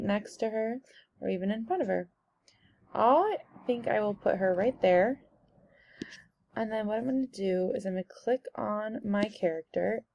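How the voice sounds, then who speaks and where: A young woman walking through a software tutorial step by step in a casual, explaining way. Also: mid-range voice, vocal fry, no echo. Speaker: instructor.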